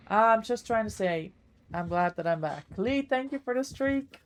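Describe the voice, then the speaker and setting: A woman's voice: mid-range voice, animated, a little slow. A woman livestreamer chatting casually with her viewers while she plays, thanking them by name as she goes.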